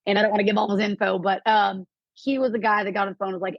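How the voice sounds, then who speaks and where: A woman guest on a podcast telling a personal story, animated and quoting people in lively voices. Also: mid-range voice, racing, no echo, lo-fi sound. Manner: animated, quotes herself and others in lively voices. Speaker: podcast guest, real estate investor. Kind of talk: storytelling in an interview.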